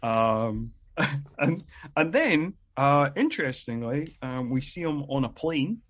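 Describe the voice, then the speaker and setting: A man's voice: mid-range voice, lively intonation, slow, fairly bright tone, muffled recording. Hesitant man chatting about a film. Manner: hesitant, many ums and uhs. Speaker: podcast co-host. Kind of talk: casual film discussion.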